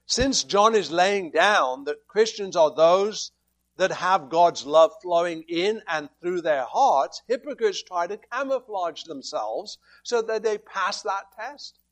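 A high-voiced man delivers a sermon slowly, emphatic and steady throughout. He often poses rhetorical questions and quotes scripture to explain his point.

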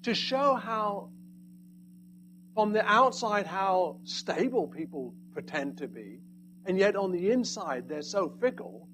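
A man preaching a sermon, swinging between loud emphatic lines and hushed, quiet asides. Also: high-pitched, expressive, takes it slowly, a little hiss or hum, rough recording.

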